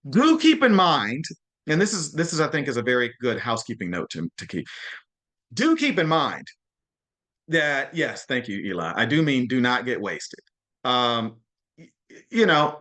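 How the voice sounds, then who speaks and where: A man with a bright, forward voice hosts a group video call and talks in a loose, chatty way. He keeps checking in with "okay?" and "right?" and restarts his phrases as he goes. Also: mid-range voice. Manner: frequent restarts and repeated words. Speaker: host of a mastermind call.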